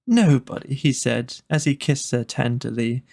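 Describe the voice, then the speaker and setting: Slightly high-voiced man reading kids' poems, gentle and slow. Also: vocal fry. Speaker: storyteller. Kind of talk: reading children's poems aloud.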